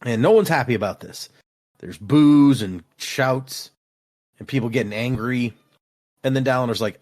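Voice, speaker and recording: A man's voice: mid-range voice, normal speed. A man casually recapping book chapters for a podcast, slipping into playful quoted voices. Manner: animated, recaps scenes with lively acted-out quotes. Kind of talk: casual book club chat.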